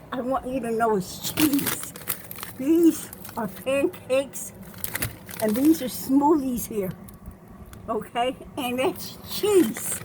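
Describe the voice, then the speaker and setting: A woman's voice: high voice, background noise. An older woman filming a walkthrough of her kitchen on her phone, out of breath and insistent, often asking "okay?". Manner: insistent, keeps saying okay. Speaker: vlogger. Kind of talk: home video walkthrough. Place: small home kitchen, indoors.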